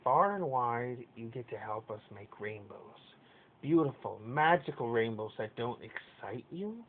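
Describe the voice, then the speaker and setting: A man's voice: lively intonation, a little slow, natural voice. A man voicing a pony spokesperson who speaks to captives in a cold, mocking way. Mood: menacing. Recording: tinny lo-fi with faint rumble.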